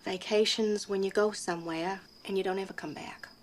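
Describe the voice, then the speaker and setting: A woman's voice: mid-range voice, fairly even intonation, brisk, natural voice. An actress playing a devoted mother of a young boy, speaking firmly and protectively. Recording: noisy film audio.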